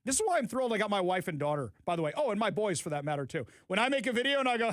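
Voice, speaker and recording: A man hosting a talk radio show, giving sarcastic, animated opinions to his listeners from a studio. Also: sits high, rapid-fire, no echo.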